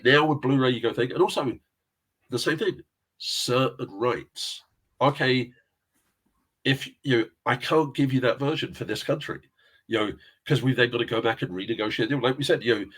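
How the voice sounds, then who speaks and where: Medium in pitch, a bit bright and slightly rough, this middle-aged man from England is being interviewed casually. His chat drifts through long, meandering stories punctuated by frequent chuckles.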